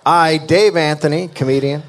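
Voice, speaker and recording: A man's voice: a little high, moderate pace, a little hiss or hum. A man hosting a live comedy history podcast, reading a story aloud to his co-host and cracking jokes on stage. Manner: joking, animated storyteller. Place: live theater stage before an audience.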